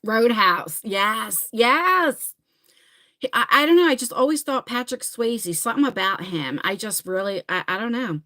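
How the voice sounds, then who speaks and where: Chatty New Jersey woman, lively pitch. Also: measured pace. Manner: rambling, chatty, reads comments aloud. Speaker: livestream host. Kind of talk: casual livestream chat.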